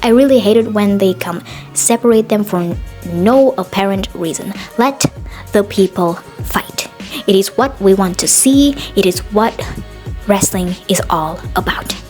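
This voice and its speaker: A woman hosting a podcast, recapping a show in a casual, opinionated way, often pausing on "uh" and "um". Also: mid-range voice, a little mellow, faint music behind. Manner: chatty and opinionated, with frequent "uh" and "um". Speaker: podcast host.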